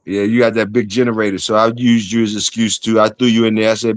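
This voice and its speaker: A man's voice: on the low side, little pitch movement, fast, smooth, no room sound. Dry, slangy man hosting a livestream. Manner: slangy, profane, repetitive banter addressing chat and guests. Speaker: livestream host. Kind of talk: casual livestream chat.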